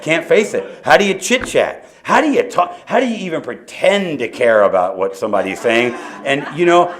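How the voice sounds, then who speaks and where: A man sharing his recovery story from a podium, swinging from low, quiet asides up to loud bursts. He tells it with jokes and acts out other people's lines. His pitch sits in an ordinary middle range. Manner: animated storytelling with laughs and quoted dialogue. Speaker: AA meeting speaker.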